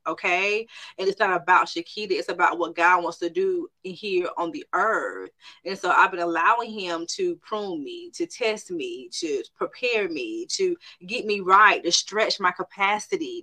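A woman's voice: lowish voice, sharp tone. A middle-aged woman who runs a private practice, giving a personal faith testimony in an emphatic way, repeating phrases and often turning straight to her listeners.

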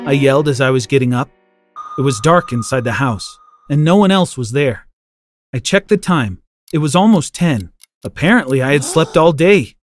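A man narrating a first-person story in a lively, dramatic way. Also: on the high side. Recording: soft music underneath.

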